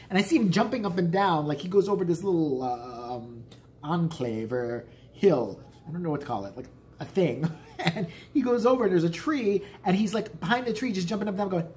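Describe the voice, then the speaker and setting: A man's voice: high voice, expressive, fast talker, darkish tone. A man telling a rambling, profane story in a casual vlog. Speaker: vlogger.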